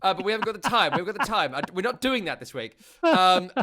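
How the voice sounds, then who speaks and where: A man from Britain hosting a podcast, teasing his co-host in a jokey, quick way. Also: sits high, very animated, pushed and bright. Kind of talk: casual podcast chat.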